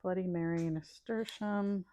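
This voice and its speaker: A woman's voice: fairly low pitch, steady tone, unhurried, dark tone. A middle-aged woman chatting casually while planting seeds, thinking aloud and dropping to murmurs as she sorts packets. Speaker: gardening vlogger. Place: home, indoors.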